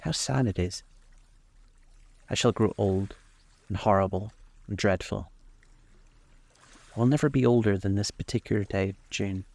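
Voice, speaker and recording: A man reading aloud gives a desperate, vain young man in a storybook, lifting his low gravelly voice higher into an anguished plea. The youth sounds wounded and self-absorbed. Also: fairly even intonation, normal speed, long pauses, darkish tone, no room sound, natural voice. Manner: pleading, raised in pitch. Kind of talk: audiobook character voice.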